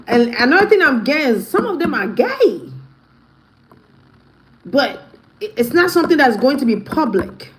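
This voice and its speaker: A woman's voice: a little high, lively intonation, normal speed, pauses often, background noise. A woman vlogger giving blunt, profane gossip commentary, often breaking into laughter. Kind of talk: casual commentary.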